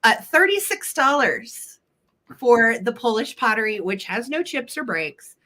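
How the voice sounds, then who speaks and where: In a fairly high, sing-song voice, pushed and bright at a measured pace, a woman hosts a casual vintage sale live stream from her home. She chats warmly and makes apologetic asides, though being sick has left her voice a little weak.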